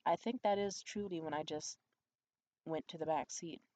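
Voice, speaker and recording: A young adult woman vlogger telling a candid, profane story in a conspiratorial way. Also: moderate pace. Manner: acts out quoted voices high and loud. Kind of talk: storytime vlog.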